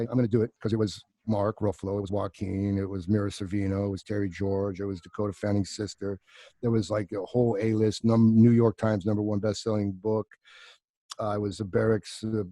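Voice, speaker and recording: A middle-aged actor guest telling profane, animated anecdotes in a casual podcast chat, slipping into quoted voices. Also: male voice, lowish voice, dry recording.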